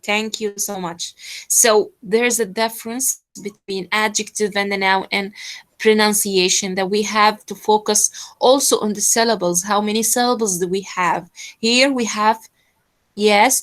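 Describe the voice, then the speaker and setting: Bright-voiced woman teaching. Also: mid-range voice, rough recording. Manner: hesitant, many fillers, switches into Arabic to explain. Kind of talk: online pronunciation lesson.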